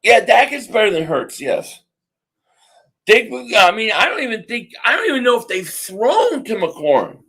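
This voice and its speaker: A man hosting a live sports reaction stream, ranting excitably and often shouting at the game. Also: high-pitched, normal speed, breathy edge. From Philadelphia area.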